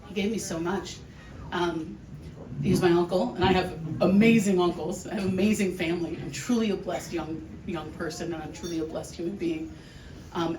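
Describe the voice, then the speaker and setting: Woman doing a eulogy, choked up and stop-start, sounds far off in a big echoey noisy room. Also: on the low side. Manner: emotional, halting with restarts and laughs. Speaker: family member giving a eulogy. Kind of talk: heartfelt memorial speech. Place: large hall with an audience.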